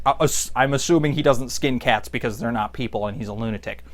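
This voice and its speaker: A man's voice: mid-range voice, fast. A young man comically recapping a comic book, sarcastic and rambling, slipping into goofy voices for the characters. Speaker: podcast host recapping a comic. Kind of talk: comedic recap with acted-out voices.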